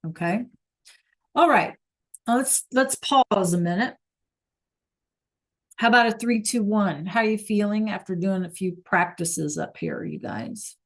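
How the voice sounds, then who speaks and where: A woman teaches a Spanish lesson over a video call. She talks unhurriedly and patiently, pausing to ask her students if they follow. Her voice sits at a middling pitch. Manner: patient, checks in often with "right?" and "okay?". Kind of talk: online class teaching.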